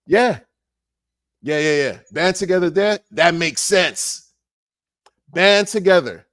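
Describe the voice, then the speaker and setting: A man ranting in a casual monologue, animated and sarcastic, repeating words and laughing often. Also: high voice, slow pace, dry recording, clean studio sound. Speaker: crypto commentator.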